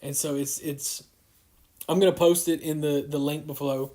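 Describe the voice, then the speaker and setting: A man giving a casual livestreamed devotional as a youth pastor, halting with many fillers and restarts. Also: on the high side, little pitch movement, mellow.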